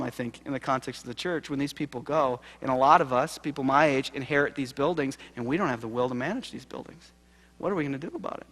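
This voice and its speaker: A man, giving a conference keynote as a seminary professor in an animated, conversational storytelling manner. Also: on the high side. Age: late 30s. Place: large lecture hall. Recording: live hall recording with reverb.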